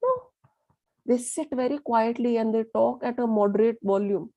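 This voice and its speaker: A woman's voice: on the high side, fairly even intonation, moderate pace, dark tone, lo-fi sound. Emphatic woman teaching a workshop. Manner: emphatic, repeats words, asks the class questions; mixes in Hindi phrases. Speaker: workshop trainer. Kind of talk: interactive communication workshop.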